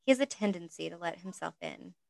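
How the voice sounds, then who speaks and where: Hermione Granger, a woman doing a warm composed young woman. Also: lowish voice, lively intonation, quick pace, creaky. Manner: warm and lightly teasing.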